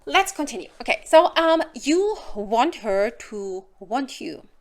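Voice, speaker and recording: A woman's voice: fairly high pitch, very animated, slow pace. A woman from Germany with a German accent, talking frankly and casually to camera as a hypnotist and sex advisor, acting out little scenes in silly voices. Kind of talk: casual direct-to-camera advice.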